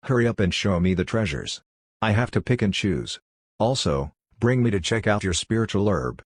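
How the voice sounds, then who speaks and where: A man's voice: fairly low pitch, lively intonation, moderate pace, slightly rough, no echo, studio quality. A man voicing a smug, greedy male dog with a cocky, self-satisfied manner in an audiobook. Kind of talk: audiobook character reading.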